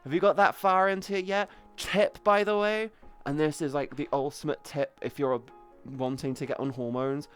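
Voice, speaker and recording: A woman's voice: low-pitched, fairly even intonation, normal speed, smooth, soft background music. A young woman chatting on a live stream, playful and crude, calling her chat sweetie and baby. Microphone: headset boom mic.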